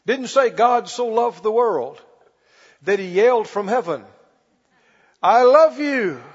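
A man preaching a sermon as pastor, stretching key words slowly and calling for the congregation to respond. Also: sits high, animated, breathy edge. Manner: preaching with call-and-response, slow emphatic stretches. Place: church. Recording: muffled recording in a reverberant church hall.

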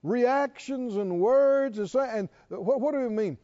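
A man's voice: extremely high pitch, a little slow, warm tone, highs cut off. A man preaching a sermon to a responding congregation, repeating questions and building to emphatic calls.

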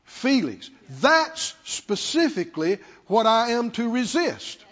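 A man's voice: very high-pitched, very animated, slow pace, fairly bright tone. A man preaching a sermon as pastor, stressing words through repetition and prompting the congregation to respond. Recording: dull lo-fi sound with long hall reverb.

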